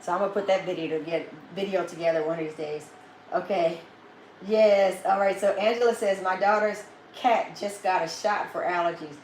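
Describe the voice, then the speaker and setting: A woman hosts a relaxed home livestream. She laughs often and slips into baby talk with her dog. The sound is echoey, with a faint hum of room noise behind her. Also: lowish voice, normal speed. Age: 50s. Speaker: vlogger hosting a live chat. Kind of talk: casual livestream chat.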